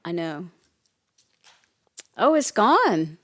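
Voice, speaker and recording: A woman's voice: fairly low pitch, big pitch swings, extremely slow. A woman co-hosting a casual podcast, playful and full of curious questions. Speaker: podcast co-host and medium. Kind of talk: casual chat.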